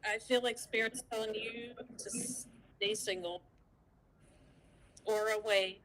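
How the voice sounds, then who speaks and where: A woman giving a tarot reading, speaking slowly and hesitantly as she feels her way through the cards. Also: medium pitch, fairly even intonation, fairly bright tone, low-quality recording. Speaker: guest tarot reader.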